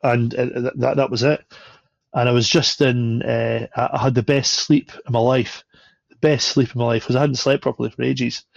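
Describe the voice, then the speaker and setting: A man with a gravelly, creaky voice tells a story in a relaxed, chatty way, slipping into the voices of the people in it. The recording is dry and a little dull. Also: medium pitch, moderate pace, no echo. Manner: animated, acts out quoted voices. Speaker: podcast guest. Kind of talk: casual storytelling.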